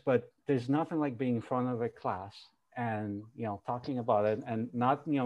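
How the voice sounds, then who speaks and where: A male professor speaks frankly and with energy, swearing without apology. His voice sits at a middle pitch. The sound comes through a video call. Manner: candid, animated, swears casually. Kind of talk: casual panel discussion.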